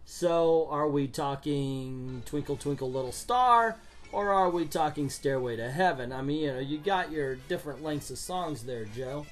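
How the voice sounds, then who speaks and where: Sarcastic man reviewing comics. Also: a little high. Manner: sarcastic, exasperated, swears.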